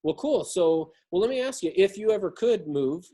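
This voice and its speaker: A man with a fairly high, slightly husky voice runs through a practice sales call for trainees. He keeps things upbeat, tossing out enthusiastic affirmations as he teaches. The tone is a casual coaching session. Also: animated, normal speed, dark tone. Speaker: real estate agent demonstrating a call. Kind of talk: coaching role-play.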